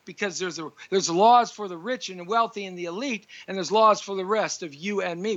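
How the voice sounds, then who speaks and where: A man's voice: sits high, fairly bright tone, lo-fi sound. A man hosting a live talk show, ranting in a frustrated monologue.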